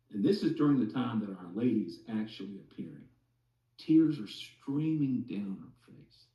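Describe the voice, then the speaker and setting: A man slowly telling a personal story to a group, pausing often to check in with "okay?". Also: lowish voice, dark tone, echoey room, far from the mic, lo-fi sound. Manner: slow, deliberate, many "okay?" asides. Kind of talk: slow storytelling testimony.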